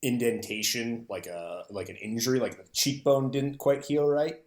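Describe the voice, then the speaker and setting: A man's voice: mid-range voice, moderate pace, a little mellow, echoey room. A man player in a tabletop game, rambling and laid-back as he describes his character. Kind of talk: casual tabletop play.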